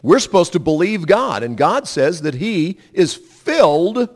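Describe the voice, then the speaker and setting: A man's voice: high voice, sing-song, a little slow, hardly any pauses. A man preaching a sermon, emphatic and drawing the congregation into repeating lines after him. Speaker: pastor.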